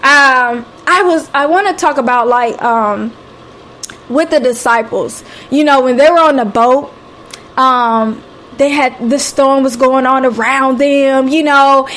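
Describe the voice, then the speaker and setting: This is a woman with a Southern American accent and a high voice. She speaks in a live motivational talk, sounding encouraging and preacher-like. She repeats her key phrases and calls listeners honey and sweetie. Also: slow pace, a bit bright. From Southern United States. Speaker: radio host. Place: home, live stream.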